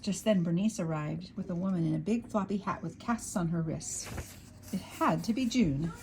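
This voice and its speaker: Expressive woman reading a storybook. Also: lowish voice, normal speed, soft background music, low-quality recording. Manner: lively, expressive. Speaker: narrator. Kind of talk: storybook read-aloud.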